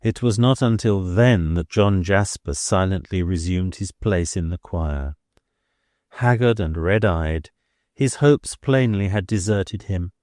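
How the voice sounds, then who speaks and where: A man narrating a classic novel as an audiobook, in a measured, deliberate reading close to the microphone. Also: low voice, darkish tone, no room sound. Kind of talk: scripted narration.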